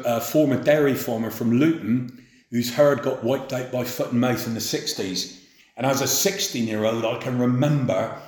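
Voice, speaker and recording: A middle-aged man from England telling memories of his youth in an unhurried, plain-spoken way. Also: mid-range voice. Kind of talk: spoken memoir. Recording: roomy echo.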